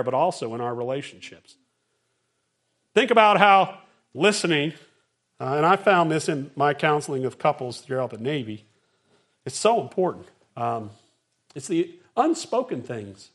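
Pastor guy, middle-aged, high voice that swoops around a lot while he tells his stories. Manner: animated storytelling with acted-out quotes. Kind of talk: sermon.

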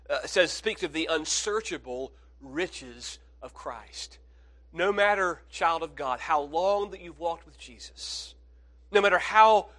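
A man preaching a sermon as a pastor, earnest, swinging between hushed phrases and emphatic ones. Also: on the high side.

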